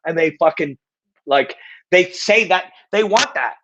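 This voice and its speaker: A fairly high-pitched, fairly bright-toned middle-aged man speaks at a moderate pace through a muffled recording. As host of a live Q&A show he delivers a casual monologue, bluntly and emphatically, with free cursing and restated points.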